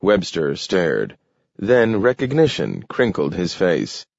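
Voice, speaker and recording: Casting note: male audiobook narrator, slow, lowish, very lively inflection; dull, dry recording. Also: vocal fry, no room sound.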